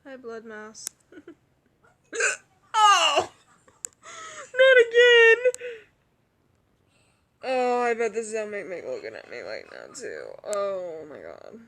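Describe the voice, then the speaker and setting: A woman's voice: medium pitch, sing-song, gravelly. A young woman commenting on a game, hiccuping and out of breath, laughing and gasping often. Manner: laughs a lot, gasping, drawn-out sighs. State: hiccuping, out of breath, chest aching. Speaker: roleplay gamer commenting on a game.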